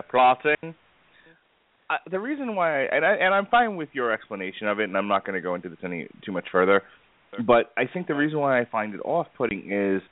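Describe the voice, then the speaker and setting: Low-voiced man hosting a casual movie chat. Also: dry recording. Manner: rambling, laughing, many fillers. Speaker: podcast host. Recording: tinny phone-like dry sound.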